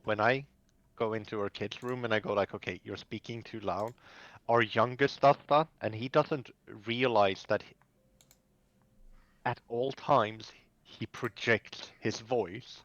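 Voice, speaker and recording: A man's voice: medium pitch, unhurried, a bit bright, no room sound. Sick-sounding man on a muffled mic. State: sick, hoarse. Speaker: podcast co-host, father. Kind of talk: casual chat. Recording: dry, slightly muffled mic.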